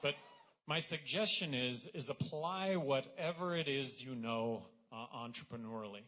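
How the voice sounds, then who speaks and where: A man speaking at a political rally as a candidate, talking in a relaxed, conversational way with fillers and self-deprecating asides. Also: medium pitch, normal speed, lo-fi sound. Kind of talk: campaign rally speech.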